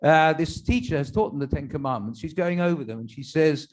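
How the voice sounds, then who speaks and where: Speaking briskly with few pauses, a rabbi performs a series of jokes for his congregation in an expressive, fairly high voice. His self-deprecating, chatty asides land between the punchlines.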